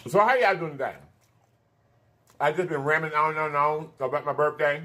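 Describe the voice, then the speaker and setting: A man's voice: fairly high pitch, pushed and bright. A thirty-year-old man, hosting a casual eating show, chatting to viewers between bites and calling them honey and baby. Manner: chatty, drawn-out "honey" and "baby" asides, hums while eating. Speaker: mukbang host.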